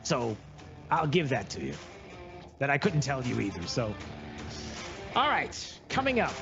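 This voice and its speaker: A man's voice: mid-range voice, huge pitch swings, a little slow, music in the background. A man hosting a radio talk show, chatting casually and rambling with plenty of filler words. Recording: lo-fi radio broadcast.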